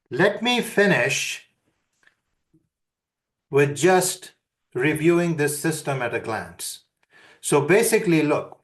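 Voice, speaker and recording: A man giving a webinar lesson, calmly guiding listeners through breathing and humming exercises. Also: medium pitch. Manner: calm, deliberate instruction. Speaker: webinar speaker. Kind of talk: instructional webinar talk.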